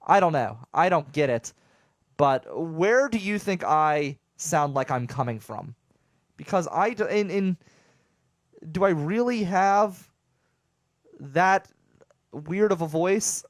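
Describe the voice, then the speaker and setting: A man in his thirties from southwestern Pennsylvania, rambling excitably to his viewers in a casual monologue, with an unusual voice people take for foreign. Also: on the high side, takes it slowly, pauses often, no echo, clean studio sound. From southwestern Pennsylvania, USA. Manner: rambling and excitable, with repeated restarts. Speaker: vlogger.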